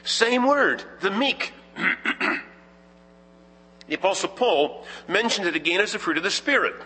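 Slow, husky male pastor preaching. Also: high voice, lively intonation, bright, forceful tone. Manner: measured, emphatic preaching with rhetorical questions. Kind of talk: sermon. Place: church sanctuary. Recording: reverberant church hall.

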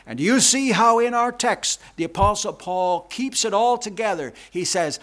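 A man's voice: animated, normal speed, hardly any pauses. A male pastor preaching a sermon, emphatic and repetitive, leaning hard on key words. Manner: emphatic, repetitive preaching with big swings in pitch and loudness.

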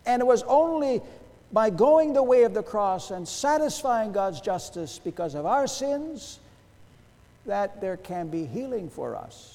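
Male pastor, higher voice, very animated delivery, sermon with long church echo. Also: measured pace. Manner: emphatic, rhetorical questions, wide swings in loudness. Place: church sanctuary.

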